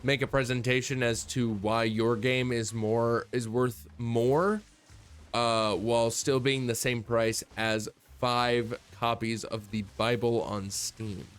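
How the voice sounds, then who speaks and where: A man's voice: medium pitch, fairly even intonation, slow pace, clear, resonant tone. A man chatting casually on a stream, rambling and laid-back and swearing freely.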